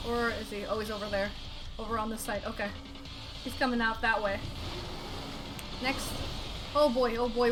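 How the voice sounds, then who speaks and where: A woman streaming a game, excitable and exclaiming loudly, repeating phrases as she plays. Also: on the high side, normal speed, long pauses, over music. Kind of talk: live-streamed game playthrough.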